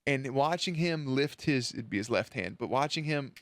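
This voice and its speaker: A man's voice: mid-range voice, animated, moderate pace, no room sound. A man hosting a reaction channel tells his story to camera with open emotion and casual swearing. His voice sits in a middle register. The sound is dry and close-miked, with no room around it.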